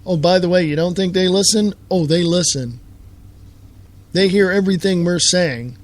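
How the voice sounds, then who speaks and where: A man's voice: high-pitched, moderate pace. A man hosting a live show, delivering a heated, sarcastic political rant full of rhetorical questions.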